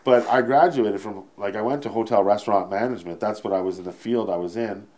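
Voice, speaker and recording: A Canadian stand-up comedian telling a story in an interview, rambling, swearing freely and correcting himself mid-sentence. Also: male voice, on the low side, fast, a little mellow.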